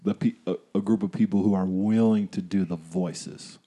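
A man interviewing in a relaxed chat, answering with short agreeing replies. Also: sits low, moderate pace, slightly rough. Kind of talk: casual chat.

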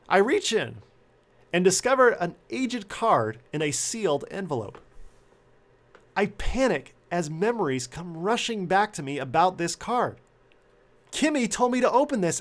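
A man's voice: on the high side, a bit bright. A man preaching a sermon, telling a story with dramatic, emphatic delivery.

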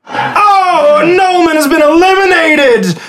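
A man voicing an excitable male arena announcer, shouting out the action in a high, hyped voice. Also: slow, exaggerated voice.

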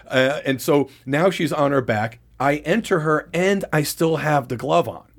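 A man's voice: fairly high pitch, measured pace. A man co-hosting a podcast, telling a candid blow-by-blow story in casual chat, with lots of profanity. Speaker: podcast co-host.

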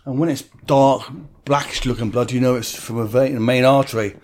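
A man's voice: medium pitch, fairly even intonation, brisk, darkish tone. A man telling a vivid personal story in an interview, blunt and swearing freely.

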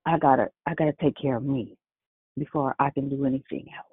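A woman calling in who shares openly, in a halting and emotional way, with a husky voice. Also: a bass voice, steady tone, no echo. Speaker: caller. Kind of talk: personal sharing on a call. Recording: tinny phone line, dry.

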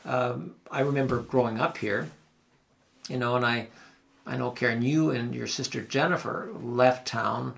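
Older man with an Ottawa Valley accent, heavy vocal fry, mid pitch; a reflective local host who tells meandering stories. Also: measured pace. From Ottawa Valley, Canada. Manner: rambling, with restarts and asides. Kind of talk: reflective conversational storytelling.

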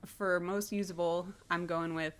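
A woman's voice: fairly low pitch, steady tone, measured pace, fairly bright tone. Giggly woman on a podcast. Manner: giggly, amused. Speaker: podcast co-host contestant. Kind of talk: casual podcast chat.

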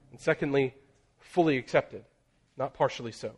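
A man preaching a sermon, building in intensity through emphatic lists and dropping to a near hush on key phrases. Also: mid-range voice, husky. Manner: slows and drops very soft on key phrases.

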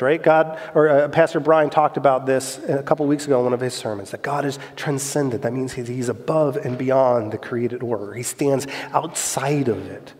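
A man preaching a sermon, emphatic and fond of rhetorical questions, swinging between loud passages and soft ones. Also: medium pitch, normal speed. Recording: long hall reverb.

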